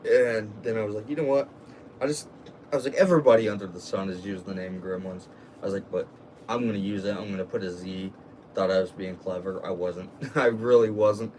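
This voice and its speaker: A man's voice: lowish voice, fairly even intonation, a little fast, a little mellow. A young man co-hosting a casual livestream, telling stories with lots of swearing and laughter. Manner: laughing, swearing, storytelling with voices. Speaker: livestream co-host. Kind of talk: casual stoner chat. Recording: distant mic with faint background noise.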